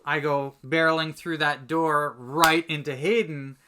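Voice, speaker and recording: A man telling a lively anecdote as a guest on a casual podcast, full of fillers and restarts. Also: on the high side, unhurried, clear, resonant tone. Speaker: podcast guest, commercial content producer. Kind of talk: casual storytelling chat.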